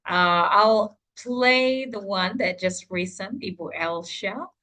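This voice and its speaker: A woman's voice: mid-range voice, slow, low-quality recording. A woman trainer running an online workshop for English teachers, giving instructions in an encouraging way with frequent fillers. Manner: animated, encouraging, many fillers.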